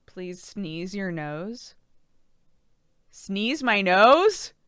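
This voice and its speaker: Giggly, animated woman streamer. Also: medium pitch, drawn-out words, smooth, no echo, studio quality. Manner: giggly, animated, says "like" a lot. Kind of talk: casual chat reading stream chat.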